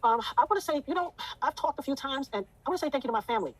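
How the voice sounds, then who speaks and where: Rapid-fire fervent woman telling her story. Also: sits high, expressive, low-quality recording. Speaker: interview guest. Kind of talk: emotional interview testimony.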